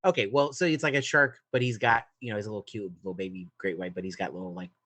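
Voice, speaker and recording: A man in a relaxed podcast chat about a comic. He leans on fillers and lets his phrases trail off. His voice is on the low side and sounds dry and close. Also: fast talker, no echo. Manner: loose, filler-heavy, trailing off quietly. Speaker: podcast co-host.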